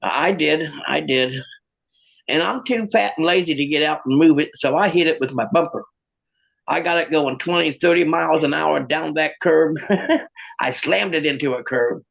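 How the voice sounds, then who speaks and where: A man with a raspy, fried edge to his slightly raised voice tells self-mocking jokes. He chuckles at his own punchlines, heard through a video call. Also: fairly high pitch, moderate pace, fairly bright tone, highs cut off. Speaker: stand-up comic and magician. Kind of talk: stand-up comedy over a video call.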